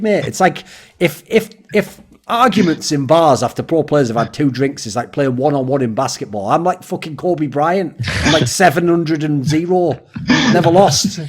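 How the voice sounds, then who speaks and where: Hosting a casual esports round-table, a man tells stories full of boastful, swearing banter, animating them with quoted voices. His voice is a little high with a breathy edge.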